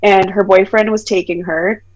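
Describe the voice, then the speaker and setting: A woman in her thirties shares a personal story as a podcast guest, speaking at normal speed in a mid-range voice over lo-fi sound. She gets animated, voicing the people she quotes, and uses "like" constantly.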